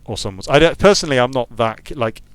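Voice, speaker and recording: Faint music plays behind this dry, clean recording of a British man with a medium-pitched, lively voice who talks fast. A game designer from the UK, he muses aloud in casual, wandering commentary while playing a strategy game.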